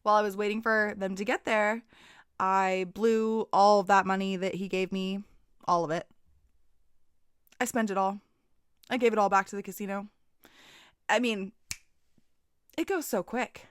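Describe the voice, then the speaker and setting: A young woman casually telling a personal story, animated and laughing often, acting out the people she quotes. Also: mid-range voice, normal speed, long pauses, clean tone, dry recording, clean studio sound. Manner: animated, laughing, swearing, acts out quoted voices.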